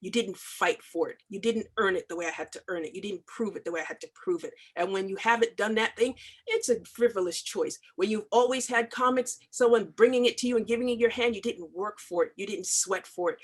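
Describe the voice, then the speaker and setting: A middle-aged woman speaks with fierce, driving emphasis. She hammers home her points through repetition, pitched at an ordinary middle height for her, as a guest in an interview. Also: brisk, husky. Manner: emphatic, impassioned, repetitive for stress. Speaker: comics artist guest. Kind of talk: video call interview.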